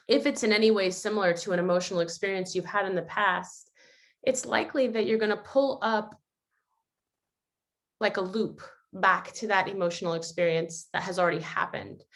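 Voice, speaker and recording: A woman's voice: medium pitch, a bit bright. A woman hosting a family video call, talking earnestly and reflectively, and sometimes acting out quotes. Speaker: host. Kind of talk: casual reflective talk.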